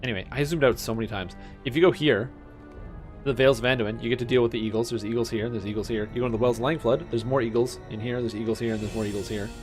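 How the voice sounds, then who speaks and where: A young man streaming a game, chatting casually with his viewers, getting excited and swearing now and then. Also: mid-range voice. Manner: mimics characters in quick offhand voices. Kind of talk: casual gameplay commentary. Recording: faint music behind.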